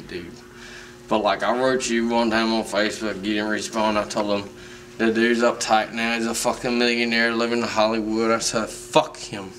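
A man's voice: on the low side, fairly bright tone, natural voice. A man doing a drunk Southern superfan. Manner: rambling, profane, repetitive. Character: drunk rambling male fan, pushy and overfamiliar. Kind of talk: comedic character monologue. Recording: distant mic with faint background noise.

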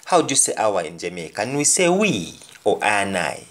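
A man teaching a language lesson, repeating each example phrase deliberately. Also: lowish voice, big pitch swings.

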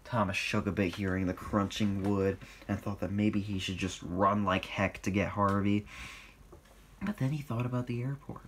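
A man's voice: fairly low pitch, fairly even intonation, normal speed, breathy edge. A man reading his own fan story aloud, informally and with small slips.

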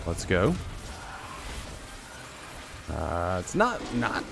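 Animated low-voiced man streaming a game. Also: drawn-out words, gravelly, music in the background. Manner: animated, talks to himself and viewers, jumps into high excited yelps. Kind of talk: casual live gameplay commentary.

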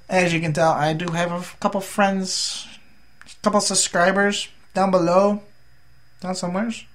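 A man's voice: a little high, a bit bright. A tired young man from the United States rambling through a casual, jokey vlog update as a gaming YouTuber.

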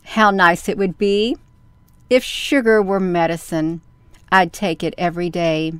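A woman's voice: lowish voice, fairly even intonation, unhurried, fairly bright tone, smooth, no echo. A woman doing a whiny wooden puppet boy. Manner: whining, wailing protests. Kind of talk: storybook reading.

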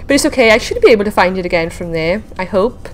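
A woman hosting a casual game video, chatting excitedly to viewers and talking to the creatures she meets. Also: mid-range voice, fast, slight background noise. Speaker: gaming video host. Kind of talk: casual let's-play commentary.

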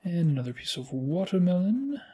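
Man, mellow voice, playful gaming commentary, sudden high squeals, casual host. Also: sing-song, moderate pace, breathy edge. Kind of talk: casual let's-play commentary.

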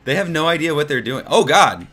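A man's voice: a little high, fairly quick, faint music behind. Young guy streaming a game, hyped and sweary, voice bouncing all over the place. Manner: excitable, swearing, laughing, talks to chat. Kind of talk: live gameplay commentary.

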